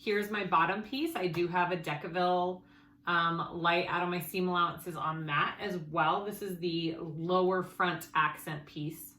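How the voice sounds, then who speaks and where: A woman's voice: lowish voice, fairly even intonation, unhurried, pushed and bright. A woman hosting a casual sewing tutorial, chatting as she goes over her pieces and correcting herself along the way. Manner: chatty, thinking aloud, self-correcting. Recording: echoey room, faint background noise.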